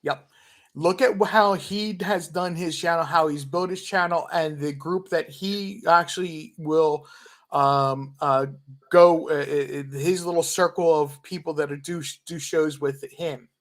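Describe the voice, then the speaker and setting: A man's voice: a little high, steady tone, a little slow, a bit bright. A man earnestly giving advice during a casual livestream chat, hesitating with many fillers.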